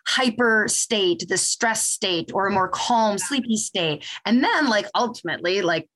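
A woman's voice: mid-range voice, animated, unhurried, fairly bright tone. A woman hosting a podcast, a chiropractor who explains things in a casual, teacherly way. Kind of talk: casual interview chat.

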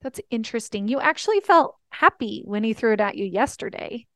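A woman's voice: fairly high pitch, expressive, fairly quick, no echo, clean studio sound. A woman life coach hosting a podcast, telling family stories in an earnest, teaching way. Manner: earnest storytelling, reenacts family talks.

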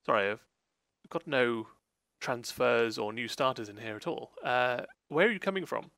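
A man's voice: mid-range voice, normal speed, gravelly, fairly bright tone. A man voicing a busy young male clerk who is curt and suspicious in a tabletop role-play game. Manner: curt, dismissive.

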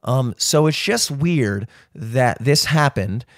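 A man's voice: mid-range voice, expressive, slow pace, dry recording, clean studio sound. A man ranting with a lot of swearing and emphasis as a guest in a casual podcast chat.

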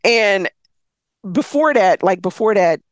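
A woman's voice: mid-range voice, lively intonation, slow, no echo. A woman co-hosting a podcast, casually retelling a story and acting out the characters' lines, swearing freely. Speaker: podcast co-host recapping a story. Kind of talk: casual chat, retelling a book with acted quotes.

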